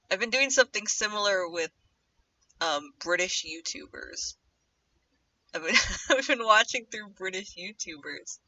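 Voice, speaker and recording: Sharp-voiced young woman rambling on stream. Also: lively intonation, a little slow, no echo, distant mic. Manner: rambling and chatty, drifting into low muttering to herself. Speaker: streamer animating live. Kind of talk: casual livestream chat while drawing. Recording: dull lo-fi mic set back from the speaker.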